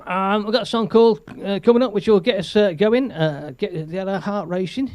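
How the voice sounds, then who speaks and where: A man's voice: high-pitched, a little fast, no room sound, dull audio. A man hosting a casual live stream, chatting, laughing and reading out viewer comments. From England. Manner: chatty, rambling, laughs often, reads viewer comments aloud.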